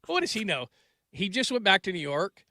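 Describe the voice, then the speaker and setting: Bright, rambling sports talk host man. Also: high voice, very animated, fairly quick, no room sound. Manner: rambling, restarts sentences, trails off mid-thought; gets loud and laughing when telling family stories.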